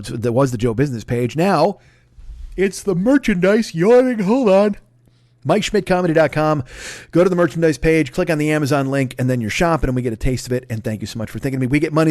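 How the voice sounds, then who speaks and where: A man's voice: a little high, fast talker, a little mellow, dry recording. A man in his forties hosting his own podcast, rambling through plugs with self-deprecating, profane asides, recorded on a dry close mic. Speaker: podcast host. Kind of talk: casual solo podcast plugs.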